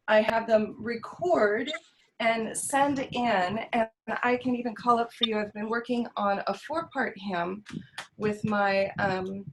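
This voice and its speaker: A woman's voice: mid-range voice, slight background noise, rough recording. A choir director with a Californian accent explains her teaching on a video call. She talks in a thoughtful way, with many ums and restarts.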